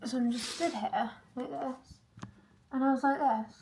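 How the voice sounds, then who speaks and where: A woman's voice: high voice, steady tone, a little slow, darkish tone, distant mic, slight background noise. A young woman from chatting casually to her phone camera, self-mocking and rambling as she tells stories. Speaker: vlogger. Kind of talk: casual vlog chat.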